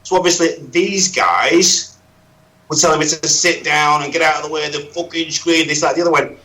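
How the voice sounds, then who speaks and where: Male guest, slightly high, bright tone, frank and emphatic talker. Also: a little fast, low-quality recording. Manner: emphatic, opinionated. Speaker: podcast guest. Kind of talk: frank casual conversation.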